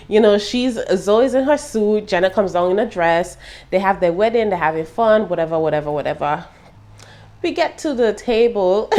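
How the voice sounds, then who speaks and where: Young British woman, casual vlog reviewer, animated and laughing, mid pitch. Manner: animated, laughing, slangy asides. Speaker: TV review vlogger.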